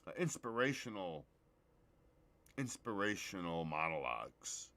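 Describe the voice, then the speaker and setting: A man hosting a casual livestream, excitable and profane, greeting viewers in the chat by name. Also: low voice, unhurried, gravelly. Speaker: livestream host.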